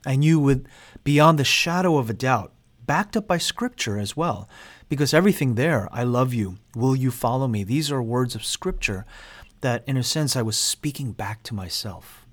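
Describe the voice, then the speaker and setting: A man's voice: medium pitch, expressive, moderate pace, a bit bright. A man in his forties, a seminary instructor, giving a lecture and telling his own story of being called, earnest and self-deprecating. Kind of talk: personal testimony in a lecture.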